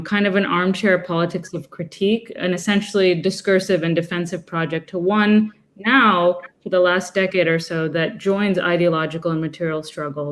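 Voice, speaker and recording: Measured, articulate woman panelist. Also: fairly low pitch. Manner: measured, articulate, academic phrasing. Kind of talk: panel discussion. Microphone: video call.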